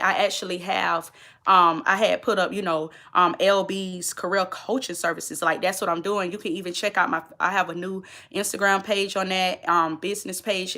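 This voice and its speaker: A woman's voice: mid-range voice, pushed and bright. A woman, a nurse chatting casually and emphatically to her viewers in a vlog update. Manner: chatty, emphatic, talks straight to viewers as y'all; moves about while talking. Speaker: nurse and vlogger.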